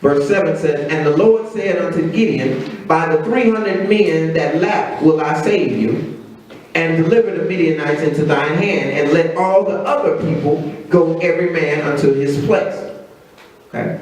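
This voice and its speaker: A man preaching a sermon, telling the story conversationally and acting out quotes in a low voice. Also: normal speed, darkish tone, slight background noise. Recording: very echoey room, voice from a distance.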